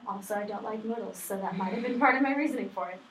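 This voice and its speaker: Speaking quickly in a fairly bright, mid-range voice, a young woman student presents a summary of her reading to a study group. She's chatty and casual, with lots of fillers and jokes about herself, and the recording has echo, a distant mic, and faint noise.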